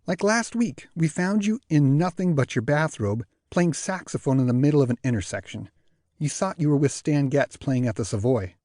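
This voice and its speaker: A man's voice: on the high side, lively intonation, a little mellow, no room sound, studio quality, natural voice. Man voicing a patient, firm adult daughter. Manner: firm, reassuring, slow.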